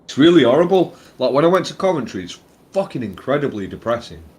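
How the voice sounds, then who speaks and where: A man's voice: medium pitch, very animated, fast talker, darkish tone. A man with a Staffordshire accent chatting casually, blunt and sweary as he rants. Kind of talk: casual chat.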